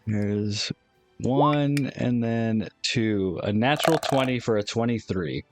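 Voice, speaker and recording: A man's voice: mid-range voice, slow pace, soft background music. A man playing a tabletop game in a chatty, easygoing way. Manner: chatty, laughs easily. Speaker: player. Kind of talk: casual tabletop play.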